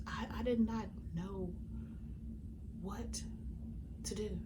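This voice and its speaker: A woman with a somewhat low voice tells her own story to the camera in a heartfelt, conversational way. She uses colloquial grammar and at times sinks into a hushed whisper. A steady background noise sits under the recording. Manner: sometimes drops to a hushed whisper. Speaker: vlogger. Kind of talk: personal storytelling.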